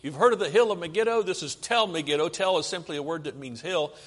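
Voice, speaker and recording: A man's voice: a little high, quick pace, a bit bright. An American man preaching a sermon, talking through slides and asking the audience questions. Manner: conversational, asks the audience questions. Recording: long hall reverb.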